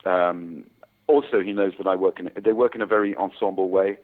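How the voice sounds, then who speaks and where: A man's voice: sits low, steady tone, brisk. A man in his sixties, an actor talking about his work in a casual interview, rambling with many fillers and restarts. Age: 60s. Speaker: actor guest. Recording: tinny phone-like sound.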